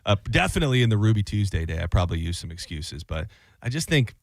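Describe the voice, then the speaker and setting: A man's voice: on the low side, big pitch swings, quick pace, dry recording. Guy hosting radio, casual rambly banter, dry close mic. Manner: loose rambling delivery, lots of restarts. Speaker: radio show host.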